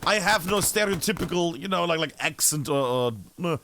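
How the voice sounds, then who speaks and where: A German-speaking esports caster from northern Bavaria gives chatty, animated live commentary on a team shooter match, swearing casually. His voice is a little high and brisk, with a bit of hiss or hum on the recording.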